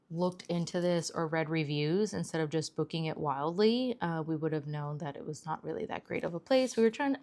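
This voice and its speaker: A young adult woman vlogger telling a travel story in a casual, rambling way, full of fillers and "like". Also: lowish voice. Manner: chatty, rambling, many fillers and "like". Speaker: planner vlogger.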